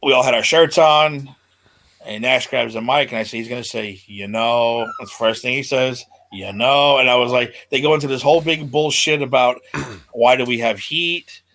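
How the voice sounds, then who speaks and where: A man in an easygoing podcast conversation, his voice sitting in an ordinary middle pitch. He tells stories with lots of energy, slipping into the voices of the people he quotes, and breaks into laughter along the way. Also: brisk, slight background noise. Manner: animated retelling, acts out quoted lines, laughs often. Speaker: podcast host. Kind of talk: casual chat.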